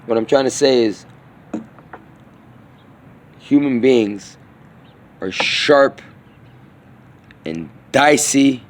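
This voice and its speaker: A man's voice: mid-range voice, extremely slow, pauses often. A man delivering a meandering, slang-filled spoken monologue, often trailing off and restarting his thoughts.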